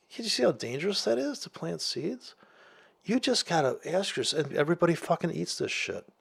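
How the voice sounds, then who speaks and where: A trading vlogger whose voice sits on the high side, creaky and slightly rough, delivers a ranting monologue full of sarcasm. Curses fly constantly, and he imitates people in mocking voices.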